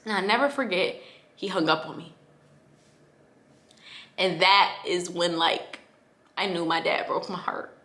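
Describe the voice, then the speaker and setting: A woman's voice: on the low side, measured pace, long pauses, sharp tone. Emotional young woman telling a personal story. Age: 20s. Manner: casual and emotional, many fillers like "like" and "y'all". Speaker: vlogger.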